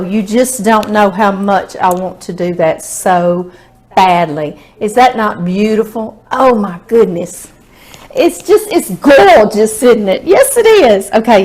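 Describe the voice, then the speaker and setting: A woman's voice: mid-range voice, expressive, measured pace, darkish tone. A woman with a Southern US accent, hosting a home cooking video in a chatty, folksy way and savoring the food aloud. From Louisiana, US Southern. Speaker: cooking show host.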